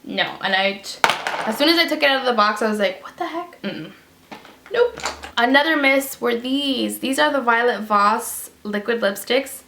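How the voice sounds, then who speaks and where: A woman's voice: on the high side, normal speed, pushed and bright. A woman giving a casual, chatty product review with lots of fillers and emphatic repeats. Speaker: beauty vlogger. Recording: roomy echo.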